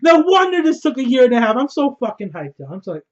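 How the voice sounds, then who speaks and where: A young man with a high voice talks through a TV episode, hyped and slangy, swearing freely as he reacts. The recording is dull and lo-fi. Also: sing-song, quick pace, a little mellow, a little hiss or hum. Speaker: TV episode reviewer. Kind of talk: casual excited review.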